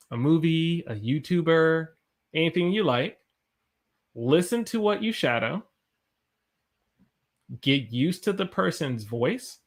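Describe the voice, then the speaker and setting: A young American man hosts a live-streamed English lesson, full of energy. His voice leaps upward when he gets excited, then drops back to a relaxed lower register. The pitch moves a lot.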